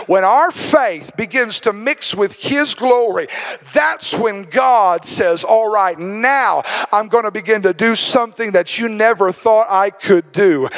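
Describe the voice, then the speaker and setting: A man preaching a sermon as a guest speaker, impassioned and building to shouts, acting out the words of biblical figures. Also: high voice. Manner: acts out biblical speakers in dramatic quotes.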